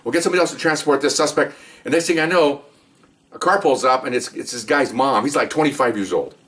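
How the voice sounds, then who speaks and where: A man's voice: medium pitch, fast, a bit bright, recorded from a distance. An older man, a retired police officer, tells rambling stories in a casual monologue, often repeating words and asking "okay?".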